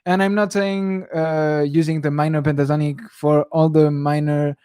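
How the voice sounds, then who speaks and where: A young man talks loosely through a live Q&A about guitar, wandering off mid-sentence and chuckling as he goes. His voice sits a little high for a man, and the sound is close and dry with no room around it. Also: little pitch movement, moderate pace, dark tone, smooth, no echo. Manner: rambling, self-interrupting, chuckles often. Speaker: guitar teacher. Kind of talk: casual live stream Q&A.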